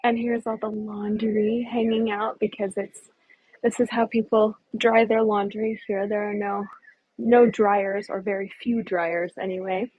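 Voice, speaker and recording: A woman's voice: mid-range voice, flat delivery, a little slow, breathy edge, no room sound, narrow, tinny audio. A woman guiding viewers on a casual live walking tour outdoors in a small hillside village, chatty and enthusiastic, often asking her audience questions. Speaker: tour guide and travel vlogger.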